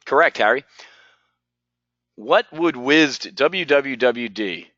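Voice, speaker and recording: Guy running a trading webinar, bright punchy voice, dry slightly muffled sound, keeps asking "what?". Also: mid-range voice, slow pace, no echo. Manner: animated, talks to viewers by name, asks rhetorical questions. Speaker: options trading instructor. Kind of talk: live webinar teaching.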